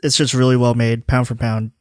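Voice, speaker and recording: A man's voice: medium pitch, level tone, brisk, no room sound, clean studio sound. A man hosting a casual podcast chat, talking loosely with lots of "like" and "you know.". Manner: loose, filler-heavy talk full of "like". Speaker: podcast host.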